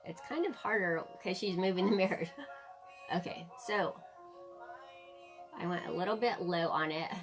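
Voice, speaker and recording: A woman's voice: lowish voice, a little slow, pauses often, soft background music. A woman in her forties hosting a casual live-stream makeup tutorial, chatting to viewers and laughing often. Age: 40s.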